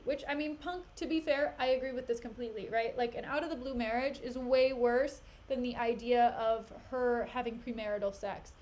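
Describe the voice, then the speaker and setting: A woman streamer casually retelling a play in a chatty, animated way. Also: fairly high pitch, moderate pace, few pauses. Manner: animated, chatty, laughs often.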